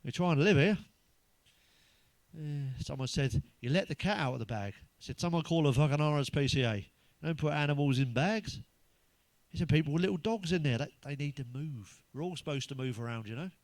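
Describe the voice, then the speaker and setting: An English man with a fairly high speaking voice fires off crude, sweary one-liners as a stand-up comic. The sound is close and dry, with no room around it. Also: lively intonation, fairly quick, a little mellow, no echo. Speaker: stand-up comedian. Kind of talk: stand-up joke routine.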